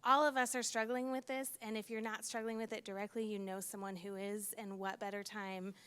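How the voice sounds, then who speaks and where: A woman co-hosts a casual church podcast. Her tone is upbeat as she moves the talk along and announces what is coming next. Her voice is smooth and resonant. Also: medium pitch, little pitch movement, brisk, a bit bright. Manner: upbeat, steering the conversation. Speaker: pastor and co-host.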